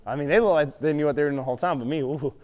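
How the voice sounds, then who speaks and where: A man's voice: fairly high pitch, rapid-fire. A middle-aged man who trains horses. He tells vivid stories and acts them out, then coaches a rider through a hands-on lesson in an arena. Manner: animated, vivid storyteller who acts out his reactions. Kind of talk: storytelling and hands-on riding instruction.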